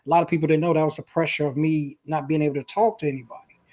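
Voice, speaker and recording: A man's voice: fairly high pitch, steady tone, rapid-fire, darkish tone. A man, a guest on an interview show, earnestly telling a personal story in a casual, emotional way.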